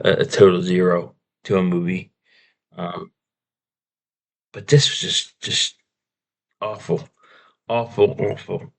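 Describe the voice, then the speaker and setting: Casting: low-voiced man, frustrated film reviewer, ranting and stammering through a casual vlog. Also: vocal fry, a bit bright. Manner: exasperated, ranting, repeats himself, stammers. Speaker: movie reviewer.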